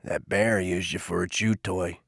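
A man voicing a gruff, concerned older man in an audiobook, low and quiet. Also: fairly even intonation, unhurried, no echo, clean studio sound, full character voice.

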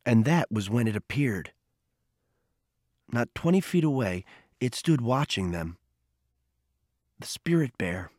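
A man narrating a novel in a measured storytelling voice. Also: mid-range voice, very animated, a little mellow, no echo, clean studio sound. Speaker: audiobook narrator. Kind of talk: scripted narration.

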